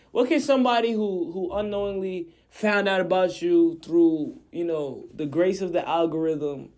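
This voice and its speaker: An interviewer asking questions in a relaxed, playful way during a casual interview. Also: mid-range voice.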